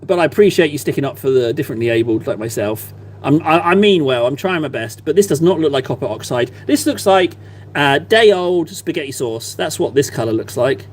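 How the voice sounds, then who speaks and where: Male streamer, thirties, higher-leaning voice, loose self-mocking chatter, faint hum on the track. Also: expressive, a little fast. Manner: rambling, chatty, self-deprecating. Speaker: live-stream painter. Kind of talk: casual live-stream chat.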